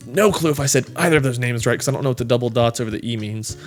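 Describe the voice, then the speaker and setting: A man's voice: mid-range voice, racing, hardly any pauses, faint music behind. A man reading viewer comments aloud and chatting casually, in a rambling, self-deprecating way with many fillers. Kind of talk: casual chat.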